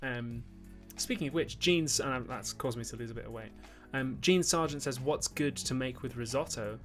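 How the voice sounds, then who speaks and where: A Geordie man from Newcastle in northern England hosts a casual YouTube livestream, reading out super chats from viewers. His voice is medium-pitched at a normal speed, with soft music in the background. He rambles along with fillers and the odd burst of mock outrage.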